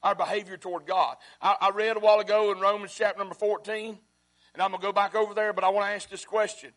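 Pastor, man, high voice; sermon delivery that repeats lines and swings from loud to hushed. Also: little pitch movement, fast.

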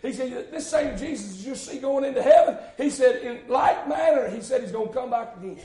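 A male preacher, delivering a fervent sermon in rhythmic repeated phrases that break into shouts. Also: very high voice, expressive, fairly quick, roomy sound.

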